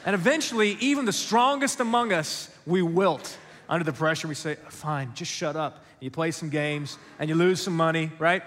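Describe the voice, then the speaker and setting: Male pastor, lively storyteller who acts out voices, slightly high voice, long reverb of a big hall. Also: normal speed. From West Africa. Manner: storytelling, acts out voices, drops low and quiet for key points. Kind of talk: sermon.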